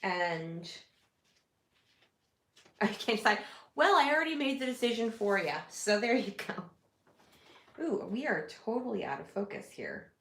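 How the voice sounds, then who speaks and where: A woman's voice: mid-range voice, sing-song, a little slow, gravelly, long pauses, fairly bright tone, reverberant. A woman with a nasal voice from a cold, chatting casually while hosting a live scrapbooking stream at home. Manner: chatty, rambling, self-correcting. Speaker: scrapbooking livestream host.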